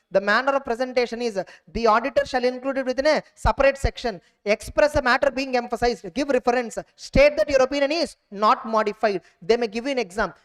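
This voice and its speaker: Woman teacher, high voice, rapid revision lecture, keeps asking if you follow. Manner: drilling, keeps checking understanding with quick questions.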